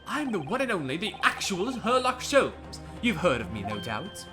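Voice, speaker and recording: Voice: medium pitch, wildly swooping pitch, normal speed, voice pushed up. A streamer voicing a pompous, boastful male detective in a game, reading with theatrical flair over game music. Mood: grandiose.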